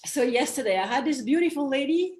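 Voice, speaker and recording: A woman coach chatting on a podcast, telling a client story with animated quoted voices. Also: sits high, brisk, rough recording. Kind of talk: casual podcast conversation. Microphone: podcast mic, online call.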